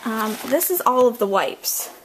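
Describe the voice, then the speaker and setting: A woman's voice: a little high, expressive, measured pace, noisy background. A young woman giving a casual vlog tour of a home nursery, out of breath and chatty, full of ums and likes, trailing off as she moves around. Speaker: vlogger.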